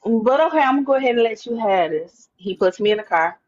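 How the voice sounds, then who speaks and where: Woman telling a lively story. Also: quick pace, muffled recording. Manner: lively storyteller acting out her own inner voice in a high pitch. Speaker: interview guest. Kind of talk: animated storytelling.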